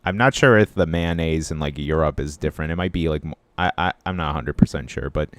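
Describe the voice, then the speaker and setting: Deep, smooth-voiced young man chatting. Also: fast talker, no room sound. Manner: rambling, filler-heavy, easygoing. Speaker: podcast co-host. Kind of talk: casual podcast chat.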